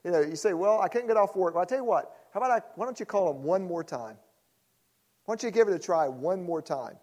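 Middle-aged pastor guy, kinda high voice, chatty teaching talk, teases the crowd, acts out the people he's quoting. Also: animated, fast, darkish tone. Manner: conversational and joking, teases the audience, acts out quoted people. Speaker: pastor teaching church leaders.

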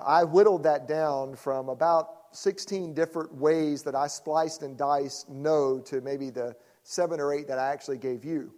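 A man's voice: a little high, warm tone. A middle-aged male pastor teaches a church audience in a loose, conversational way, teasing people in the crowd and acting out the people he quotes. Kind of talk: conference teaching talk.

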